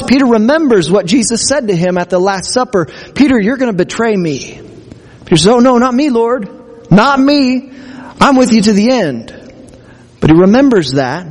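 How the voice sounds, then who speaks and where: Man, pastor, earnest sermon, high-pitched, reverberant church hall. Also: a little mellow. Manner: earnest preaching with acted-out quotes.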